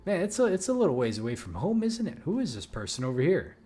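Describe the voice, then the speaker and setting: A man casually commenting on his own gameplay as a let's play host, rambling and swearing with excited outbursts. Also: fairly high pitch, fast, breathy edge.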